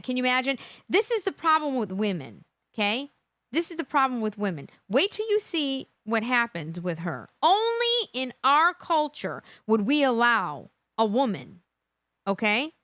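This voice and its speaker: A woman's voice: a little high, a bit bright, no room sound. A woman hosting a live true crime reaction, indignant and emphatic, repeating her points for effect.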